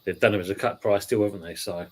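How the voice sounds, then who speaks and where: A man's voice: fairly low pitch, steady tone, fast, slight background noise. A man with a Cockney accent hosting a casual football podcast, bantering and reading out viewer comments. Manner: banter, reads out chat comments. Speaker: podcast host.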